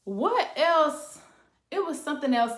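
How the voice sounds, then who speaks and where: A woman's voice: sits high, expressive, measured pace, fairly bright tone. A woman, chatting casually and rambling to her livestream viewers, calling them y'all and honey. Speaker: livestream host. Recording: echoey room.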